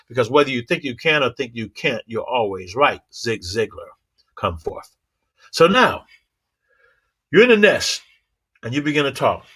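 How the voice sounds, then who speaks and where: A man giving a motivational talk, telling animated stories with sound effects and rhythmic, preacherly repetition. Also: medium pitch, normal speed. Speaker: motivational speaker.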